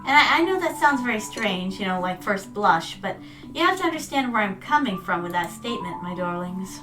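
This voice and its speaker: A woman's voice: mid-range voice, expressive, brisk, recorded from a distance, music in the background. A woman VTuber chatting casually while gaming, telling stories and calling her viewers "my darlings". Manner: storytelling, calls viewers "my darlings". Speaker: VTuber streamer.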